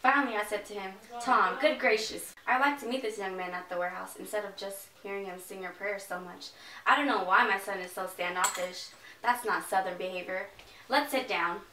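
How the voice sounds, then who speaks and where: A woman's voice: mid-range voice, fairly quick, lightly acted. A young woman playing a fussy, chatty faded Southern belle mother in an amateur play, gushing and rambling in a genteel way. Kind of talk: amateur stage play reading. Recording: echoey room, mic from far off, faint hiss.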